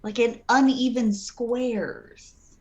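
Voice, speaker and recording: A woman's voice: on the high side, steady tone, drawn-out words, a little mellow. A woman playing a tabletop game, joking and teasing the others. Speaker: player. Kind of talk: casual tabletop play.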